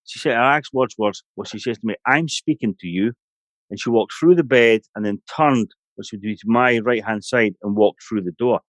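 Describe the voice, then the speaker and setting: A man's voice: medium pitch, dry recording. A middle-aged Scottish man, a guest on a podcast, telling a long personal story in a rambling, anecdotal way full of "you know". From Scotland.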